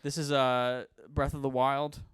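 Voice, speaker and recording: A male stand-up comedian in casual podcast chat, telling stories in an animated, profane way. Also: mid-range voice, measured pace, smooth, no echo, clean studio sound.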